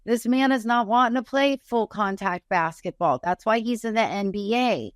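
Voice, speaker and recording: A woman's voice: on the high side, animated, normal speed, no echo. Playful woman co-host, dry close sound. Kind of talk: casual sports talk.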